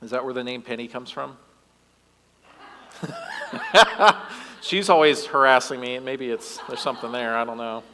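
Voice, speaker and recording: A youth director giving a sermon in church, reading scripture aloud and breaking in with joking asides. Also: male voice, medium pitch, fairly even intonation, brisk, hardly any pauses, pushed and bright, slight background noise. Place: church sanctuary. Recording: long reverb of a church hall.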